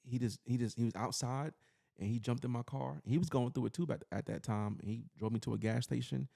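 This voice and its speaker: A man's voice: medium pitch, fairly even intonation, a little fast, vocal fry, warm tone. A man from New York City, a podcast host, telling a personal story in casual chat, earnest and rambling with lots of "you know.".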